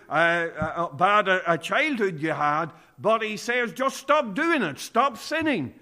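A man's voice: high-pitched, bright, forceful tone. A man preaching a sermon, earnest and emphatic, quoting scripture word for word.

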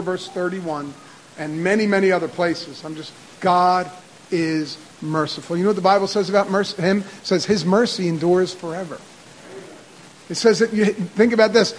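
A male pastor preaching a midweek sermon. He rattles off scripture references and builds to loud, repeated declarations. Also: sits high, slight background noise, poor audio. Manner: cites verses rapidly, builds to shouted repetition. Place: church.

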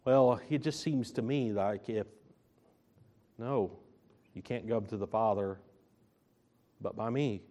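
Man, preacher, sermon, unhurried, emphatic, repeats key phrases. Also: on the low side, mellow, lo-fi sound.

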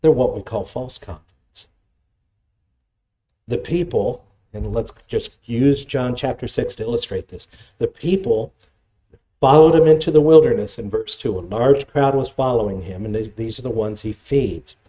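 Animated male preacher, mellow voice. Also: normal speed. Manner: animated preaching, dramatic pitch swings, reads scripture quotes. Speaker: pastor. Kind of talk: sermon.

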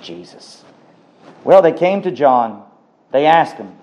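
A man's voice: a little high, very animated, takes it slowly, long pauses, a little mellow, highs cut off. Emphatic male preacher. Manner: emphatic, repeats words for stress. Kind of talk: sermon.

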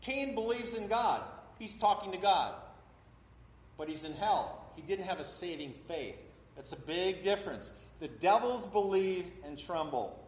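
A high-pitched middle-aged man preaches a sermon in a church hall, and his voice carries a long reverb around the room. He often acts out the voices in his stories. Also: animated, measured pace. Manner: acts out voices in quotes, talks with a congregation. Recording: echoey hall.

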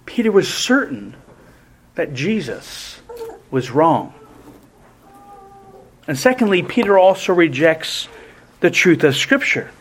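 A man preaching a sermon in a deliberate, emphatic way, often restarting his phrases. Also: on the high side, very animated, a little hiss or hum.

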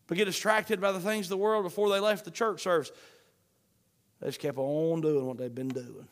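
A man preaching a sermon, fervent, swinging between shouts and hushed pleading. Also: sits high, steady tone, moderate pace. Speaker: pastor. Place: church sanctuary. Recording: long hall reverb.

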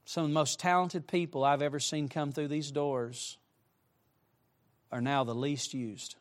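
A middle-aged man preaching to young people, with emphatic direct appeals and shifts between soft asides and loud, rising emphasis. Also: a little high, fairly even intonation, a little slow. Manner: emphatic, repeatedly urging listeners with direct appeals. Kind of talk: sermon to a youth congregation.

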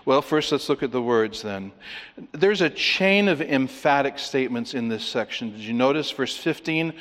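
A man preaching an expository sermon, emphatic, with rhetorical questions and swings between loud and quiet. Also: mid-range voice, animated, measured pace. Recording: long reverb of a large hall.

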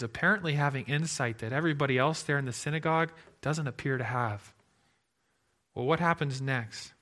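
A man preaching a sermon, expressive, moving between loud emphasis and hushed tones. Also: fairly high pitch. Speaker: pastor.

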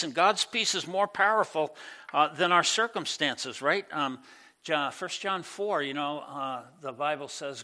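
Male preacher, higher and bright voice, chatty sermon delivery with loud and quiet swings. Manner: conversational preaching with many fillers, rising loud then dropping soft. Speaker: pastor. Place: church.

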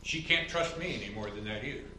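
A man preaching in a church sanctuary, his voice bright and forceful with a roomy echo around it. He reasons quietly, then climbs into loud, high-pitched emphasis, mimicking others as he argues. He is picked up from a distance, over a faint ambient hiss. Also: lively intonation, fast talker. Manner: mocking quotes in a higher voice. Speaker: pastor. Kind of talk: sermon.

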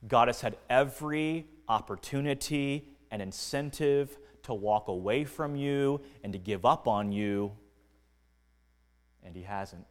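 A man preaching a sermon as pastor, earnest and deliberate, dropping to quiet lines and rising to emphatic ones. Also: mid-range voice, big-room sound. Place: church sanctuary.

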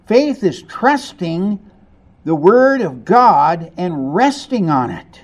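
A man preaching with a high, lively voice that rises and falls widely. He takes his time and swings from quiet, hushed lines to emphatic ones, and he keeps putting questions to the congregation. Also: slow. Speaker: pastor. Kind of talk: sermon.

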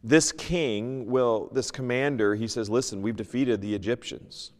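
A man teaching a Sunday school lesson, reading King James scripture aloud and moving between loud emphasis and hushed asides. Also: mid-range voice, unhurried, big-room sound. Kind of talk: Bible teaching, sermon. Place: church.

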